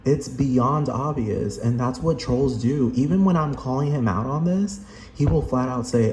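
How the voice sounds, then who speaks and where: A man's voice: mid-range voice, a little slow. A man ranting in an emphatic, rambling, repetitive way full of profanity. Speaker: vlogger. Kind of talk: profane rant. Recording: roomy echo, faint hum.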